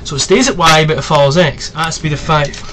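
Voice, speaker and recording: Chatty young man with a higher voice. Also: fast, bright, forceful tone. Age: 20s. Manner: chatty, rambling, swears freely. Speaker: video tutorial host. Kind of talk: casual screen-recorded tutorial.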